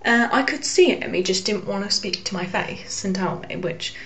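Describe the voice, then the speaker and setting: A young woman telling a personal story to camera, hesitant with frequent fillers and soft asides. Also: medium pitch, lively intonation, moderate pace. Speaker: vlogger.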